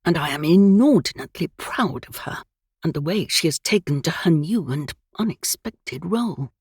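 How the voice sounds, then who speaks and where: Woman putting on a lowish polite young lord, measured, husky. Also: lively intonation, darkish tone, dry recording, studio quality, heavily acted. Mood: courteous. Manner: courteous, measured. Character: young English lord, proud and courteous.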